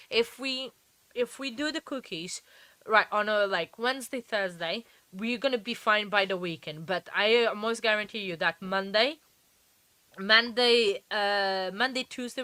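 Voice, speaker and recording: A woman's voice: mid-range voice, bright, forceful tone, no echo. A woman hosting a live stream in a casual, chatty way, often laughing and talking straight to her viewers. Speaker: livestream host.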